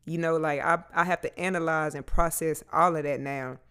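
A man's voice: fairly high pitch, fairly even intonation, normal speed, sharp tone, clean tone. A man, talking candidly and casually to his viewers, swearing freely as he goes. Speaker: vlogger. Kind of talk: candid personal talk to camera.

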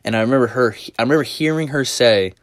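A man's voice: medium pitch, fast talker, no echo, studio quality. A man hosting a podcast, telling a rambling, profanity-laced story in a casual, amused way. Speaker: podcast host.

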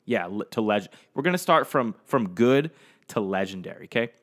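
A young man hosting a solo podcast, rambling in a casual, profane, animated way and talking straight to his listeners. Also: on the low side, moderate pace. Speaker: podcast host.

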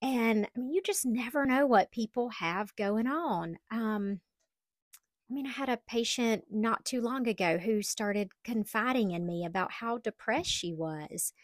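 Her voice sits fairly high and moves a little slowly, recorded with no echo. She is a middle-aged woman running a solo podcast, talking openly and casually with self-deprecating humor.

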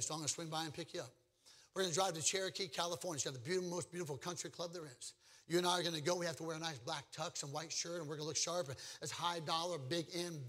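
A man preaching to his congregation, his voice pitched high and ringing bright. He keeps asking the people in the pews questions and spins down-home stories to drive each point home. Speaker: pastor. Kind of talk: evangelistic sermon with audience call-and-response.

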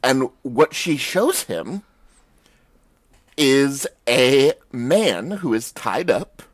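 Man, mid-pitch, casual rambling podcast host, dry close mic. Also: big pitch swings, extremely slow, dry recording. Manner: loose, rambling recap full of "like" and "um". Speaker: podcast host recapping a TV show. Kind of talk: casual chat.

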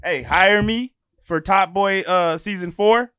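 A man's voice: sits high, slow pace, pushed and bright, clear, resonant tone, dry recording, studio quality, exaggerated voice. A man voicing a brash young male London street tough as a comic impression, slangy and taunting, repeating his jabs. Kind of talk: comic impression in a podcast chat.

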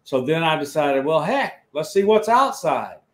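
Man, middle-aged, a bit high-pitched, echoey room, video call, technical, matter-of-fact. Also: big pitch swings, a little slow. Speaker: guest, scientist and engineer. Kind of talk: casual show-and-tell explanation.

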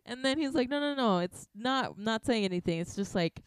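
A woman's voice: on the high side, expressive, brisk, clean tone, no room sound, studio quality. A woman hosting a podcast, telling a story in casual chat, swearing freely and laughing often. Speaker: podcast host.

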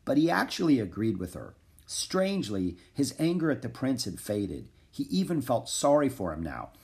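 A man narrating a children's chapter book aloud in an expressive, animated way. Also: mid-range voice, moderate pace, creaky. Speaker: audiobook narrator.

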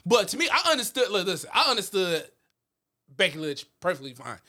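A young man co-hosting a casual podcast chat, animated and slangy, rambling with lots of fillers. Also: high-pitched, brisk. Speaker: podcast co-host.

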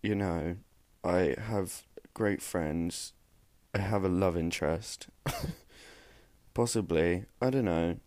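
A man's voice: sits low, slow pace, darkish tone, dry recording. A young man hosting a solo podcast, rambling and joking at himself while tired and worn out. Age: young adult. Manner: rambling, self-mocking, tired. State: exhausted. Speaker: podcast host. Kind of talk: casual solo podcast chat.

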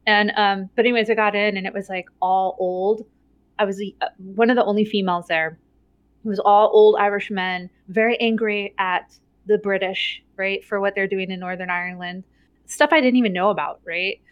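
A woman's voice: mid-range voice, moderate pace, clean tone, dry recording. Chatty middle-aged woman, dull dry audio. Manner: animated, laughs often, many "like" and "right?" tags. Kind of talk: casual storytelling chat.

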